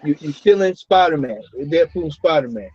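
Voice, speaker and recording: A man hosts a loose roundtable, his voice a touch high and husky. He talks in animated, repetitive bursts. The audio is dull and lo-fi. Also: brisk. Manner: animated, laughing, repeats words often. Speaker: podcast host. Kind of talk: casual roundtable chat. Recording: dull lo-fi recording.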